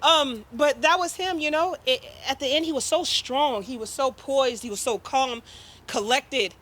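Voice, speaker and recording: Speaking casually and from the heart to the people gathered at her father's memorial, this daughter gives an emotional eulogy. She talks unhurriedly in a high, somewhat bright voice.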